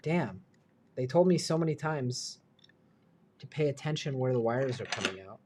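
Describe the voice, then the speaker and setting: Male streamer working indoors on a hobby build, chatty and self-mocking, mid-pitch voice. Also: lively intonation, normal speed, darkish tone, slight background noise. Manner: muttering to himself, self-deprecating, chatty asides. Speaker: livestream host. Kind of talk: live build stream, thinking aloud.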